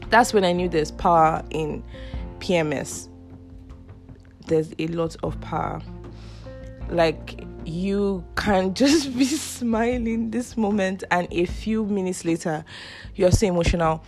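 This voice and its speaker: A woman's voice: fairly low pitch, slow pace, pauses often, a little mellow, faint music behind. A young woman, hosting a podcast and telling a personal story casually, laughing often. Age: 20s. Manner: chatty, laughs often, acts out quoted voices. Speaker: podcast host.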